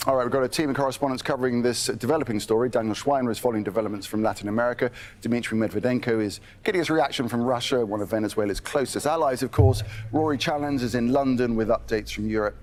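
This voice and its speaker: A male news anchor reading a scripted broadcast in a measured, formal way. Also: medium pitch, darkish tone.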